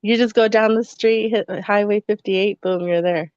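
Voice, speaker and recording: A woman in her forties on a live podcast, talking in a relaxed, plainspoken way with frequent "like" and restarts. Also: mid-range voice, moderate pace, clear, resonant tone, no room sound. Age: 40s. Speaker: podcast co-host. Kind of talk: casual live podcast chat. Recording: dull, dry sound.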